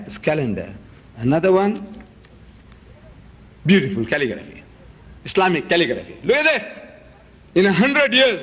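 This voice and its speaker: A man's voice: sits high, a bit bright, breathy edge. A man lecturing an audience in an emphatic way, showing objects and repeating key words. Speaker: debate speaker.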